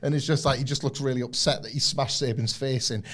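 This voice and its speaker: A young man co-hosting a casual wrestling review podcast. He talks in an animated way and acts out wrestlers' lines in put-on voices. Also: mid-range voice, fast talker. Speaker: podcast co-host.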